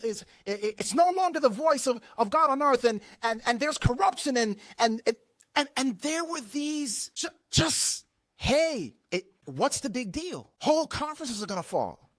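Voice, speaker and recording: Passionate pastor, animated pitch, stumbling restarts, dry close-miked sermon delivery. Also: unhurried, dry recording. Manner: impassioned, repeats words and restarts lines; acts out others' words in quoted voices.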